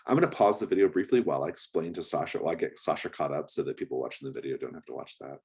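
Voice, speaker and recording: A man's voice: very deep voice, very fast, darkish tone, slightly rough. A man narrating as game master of a tabletop game, rambling and hesitant with many fillers.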